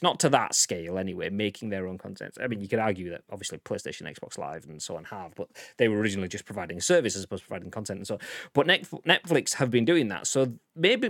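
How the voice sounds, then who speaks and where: Male co-host, deep-ish, opinionated rant with restarts, dry mic. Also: dry recording. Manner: animated, ranting, frequent restarts. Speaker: show host. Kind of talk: casual gaming news chat.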